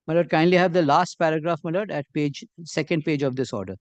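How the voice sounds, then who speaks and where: Middle-aged male advocate with an Indian English accent, fairly high voice, halting and deferential delivery with pointed questions. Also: no room sound. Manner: halting, peppers every phrase with "my lord". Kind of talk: courtroom legal argument.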